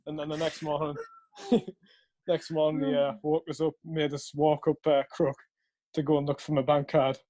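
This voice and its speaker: A man's voice: on the high side, little pitch movement, moderate pace, mellow. A young man casually telling a rambling story, swearing often and laughing along. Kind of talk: casual chat.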